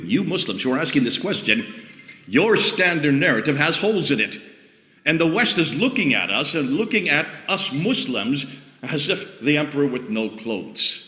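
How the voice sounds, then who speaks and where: A man's voice: mid-range voice, pushed and bright, roomy sound, big-room sound. A man preaching in a heated open-air debate, firing off challenging rhetorical questions. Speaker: street preacher.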